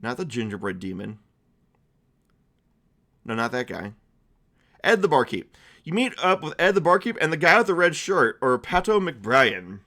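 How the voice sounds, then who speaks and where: Man, streamer, game master, rambling, playful narration, middle pitch. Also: very animated, moderate pace, pauses often, bright, forceful tone. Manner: rambling and playful, with many restarts and fillers.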